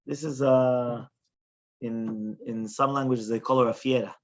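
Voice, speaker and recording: A man, a rabbi, teaching a Talmud class in an animated way, often checking in with questions. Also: medium pitch, a little slow. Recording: dull lo-fi recording.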